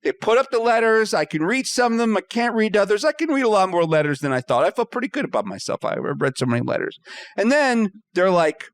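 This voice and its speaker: A man guesting on a comedy podcast, telling a story in an animated way, acting out both sides of each exchange and swearing freely. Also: high voice, brisk. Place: podcast studio.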